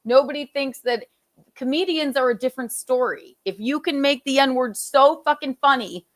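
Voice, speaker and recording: A woman's voice: sits high, normal speed. A woman co-hosting a podcast in casual chat, blunt, argumentative and profane. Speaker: podcast co-host.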